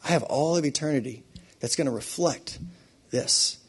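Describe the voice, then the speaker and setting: A man preaching a sermon with animated delivery, swinging between loud emphasis and quiet asides and laughing often. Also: on the high side, normal speed, husky.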